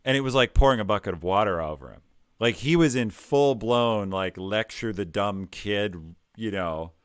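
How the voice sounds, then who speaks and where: Calm, low-voiced middle-aged man from Ohio. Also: smooth, no room sound, studio quality. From Ohio, United States. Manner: calm, measured, hesitant with fillers. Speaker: podcast guest, tech executive. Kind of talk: conversational storytelling.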